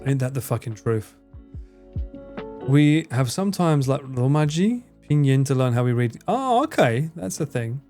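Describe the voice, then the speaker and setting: A man's voice: medium pitch, lively intonation, measured pace, darkish tone, faint music behind. Rambling man, sweary. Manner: rambling, swears freely, laughs often. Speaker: livestreamer. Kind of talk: casual chat reading out and answering live chat.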